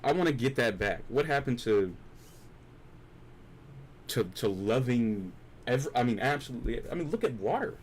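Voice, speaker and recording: A young man talking through a rambling, philosophical chat as a streamer, repeating himself and restarting often, swinging from hushed to loud and excited. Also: mid-range voice, normal speed, long pauses, a little hiss or hum. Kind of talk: rambling late-night chat.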